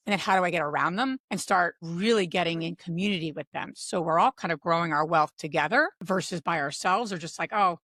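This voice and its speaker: A middle-aged woman from Pennsylvania, a podcast guest who tells stories with animated quoted voices. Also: lowish voice, a little fast, hardly any pauses, dry recording. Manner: animated storyteller, acts out quotes. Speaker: podcast guest, real estate investor. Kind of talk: casual interview talk.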